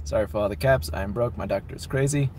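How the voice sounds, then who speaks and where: A man's voice: fairly low pitch, fast, darkish tone, a little hiss or hum. A young man casually chatting and reading viewer messages on a livestream, rambling and laughing often. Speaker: livestream host reading chat. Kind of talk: casual live-stream chat.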